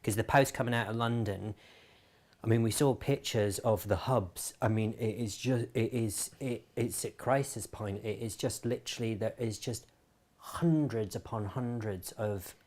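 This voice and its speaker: A Scottish man chats as a guest on a casual craft live stream. He talks haltingly, often stopping on an um and restarting his sentences. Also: fairly low pitch, a little mellow. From Scotland. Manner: halting, lots of ums and restarts.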